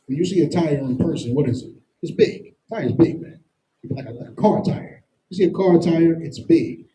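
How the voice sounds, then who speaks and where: Dark-voiced man teaching scripture. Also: fairly high pitch, moderate pace, poor audio. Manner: emphatic, repeats "you understand?" constantly; explains with everyday comparisons and slang. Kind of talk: street-style Bible lesson.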